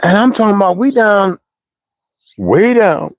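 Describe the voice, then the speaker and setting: An American streamer with a high, expressive voice rants to his viewers at a measured pace, with no echo. He tells rambling stories in a blunt, profane monologue thick with slang.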